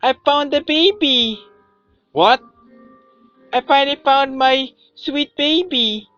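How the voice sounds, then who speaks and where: A fragile young woman, dazed and doting, her voice lifted high and sweet, as a man puts her on. The sound is dry and close, with a bright but slightly dull tone. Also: slow, no echo, faint music behind, heavily acted.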